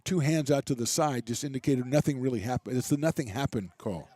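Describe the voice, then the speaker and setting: A man's voice: medium pitch, brisk, no room sound. Chatty man calling college baseball. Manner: relaxed, chatty, self-deprecating asides. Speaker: play-by-play announcer. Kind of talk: baseball play-by-play commentary.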